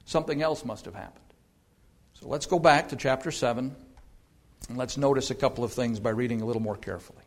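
A male pastor with a medium-pitched voice preaches a sermon, stressing single words and asking rhetorical questions. He slows down to read scripture aloud.

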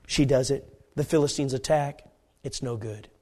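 A man preaching a fiery sermon, dropping to hushed murmurs and then shouting pleas as he acts out the story. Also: medium pitch, normal speed. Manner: acts out Bible characters with voices.

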